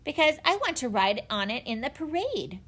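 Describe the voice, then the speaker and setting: A woman reading aloud voices an eager, excitable young boy who bursts out in a high, bouncy voice. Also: normal speed, slightly rough, heavily acted.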